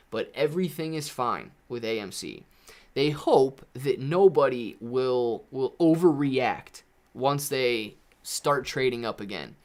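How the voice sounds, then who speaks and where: A man hosting a live stream Q&A, talking in a rambling, conversational way and often correcting himself, in a small room at home. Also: medium pitch. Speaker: livestream host.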